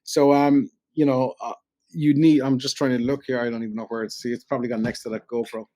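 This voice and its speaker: He's a fast-talking Cork man from Ireland, a radio presenter guesting on a podcast and rambling through his stories with frequent "you know"s. His voice is medium-pitched, level, and mellow, on a dry recording.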